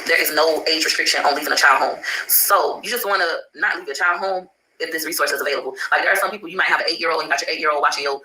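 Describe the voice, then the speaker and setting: A speaker in a played clip, talking to camera and rapidly explaining a point step by step. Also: medium pitch, sharp tone. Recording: echoey room with faint background noise.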